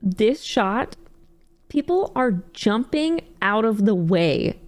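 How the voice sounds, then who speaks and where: A young adult woman streamer casually reacting to videos, animated and laughing often, with casual swearing. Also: medium pitch, slow.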